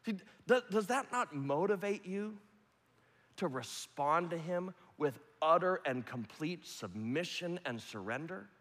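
A male pastor delivering a sermon in a large church hall, with a long echo trailing each phrase. His voice sits slightly high for a man. He alternates between ringing, climbing exhortations and soft, hushed, near-whispered passages. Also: expressive, a little slow. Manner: preaching, swinging from loud rising appeals to hushed near-whispers.

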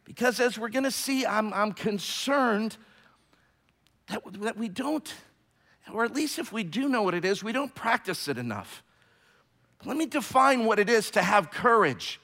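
Man, pastor, sermon, high-pitched, bright, emphatic drawn-out words, long hall reverb. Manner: preaching with rising emphasis, slows words for stress. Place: church sanctuary.

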